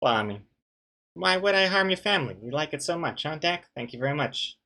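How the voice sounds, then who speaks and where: A man's voice: a little high, animated, fairly quick, bright, forceful tone. A man, a webcomic artist, chatting casually on a live stream, reading chat aloud with dry, joking banter and rambling restarts.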